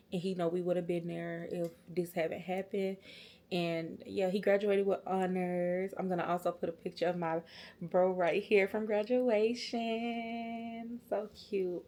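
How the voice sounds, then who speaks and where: A woman's voice: on the low side, a little mellow. A young woman, vlogging casually to camera about a hard experience, holding back tears with nervous laughs.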